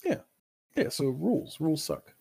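A man's voice: a little high, sing-song, moderate pace, gravelly, dark tone, slightly rough, no echo. A man hosting a casual gaming podcast, rambling and joking and swearing freely. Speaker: podcast host.

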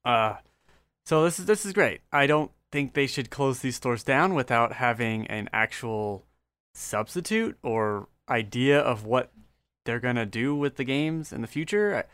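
Man, podcast co-host, casual chat, dry grumbling manner, clear voice. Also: mid-range voice, expressive, a little slow, fairly bright tone, no room sound.

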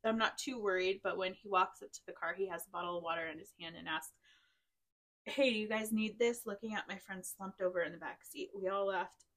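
A woman's voice: on the low side, steady tone, fast, few pauses, a bit bright. Woman host, slightly tipsy, casually reading party anecdotes aloud, giggling between them. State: tipsy, drinking wine. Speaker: podcast host. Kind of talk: reading drunken stories aloud to friends.

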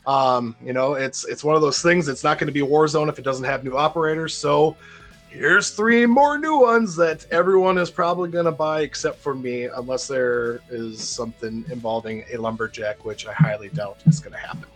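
A man's voice: a little high, moderate pace, fairly bright tone, soft background music. A man with a Minnesota accent hosting a casual gaming podcast, rambling and repeating words as he talks. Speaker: podcast host.

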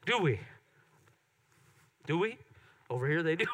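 A middle-aged man preaching a sermon in church, swinging from excited loud peaks to soft hushed moments. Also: fairly high pitch, measured pace, pauses often. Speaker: pastor. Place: church sanctuary.

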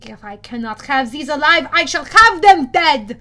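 A woman reading an audiobook, voicing a furious male monster that cries out in shrill wails. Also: fairly even intonation, takes it slowly. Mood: snarling threat.

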